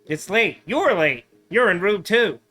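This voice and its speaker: A surly desert motel manager snaps and sneers in slangy, sarcastic jabs, as a man puts him on while reading a pixel-art adventure game. The voice sits bright and fairly high, with faint music running underneath. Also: sing-song, a little slow, heavily acted. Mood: grumpy. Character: rude grumpy male desert motel manager. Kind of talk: let's play voicing of game text.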